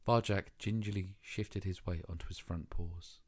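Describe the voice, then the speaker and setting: Brief: male storybook narrator, low voice, steady and expressive. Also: normal speed, slightly rough. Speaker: audiobook narrator. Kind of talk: scripted narration.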